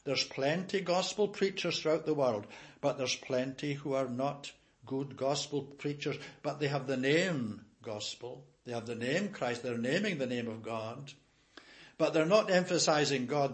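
A man's voice: mid-range voice, unhurried. An older man preaching a sermon in an earnest, emphatic way, repeating key phrases.

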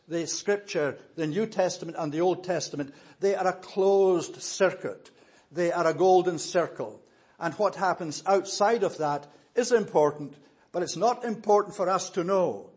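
A man preaching an expository sermon, speaking in a measured, explanatory way with frequent pauses. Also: on the high side.

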